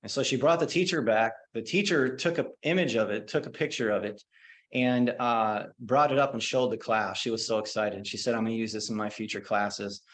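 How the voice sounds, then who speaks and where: A man, teaching as a qigong instructor, telling a story and then talking listeners through a slow guided meditation. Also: fairly low pitch. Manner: relaxed, anecdotal, slows down for meditation cues.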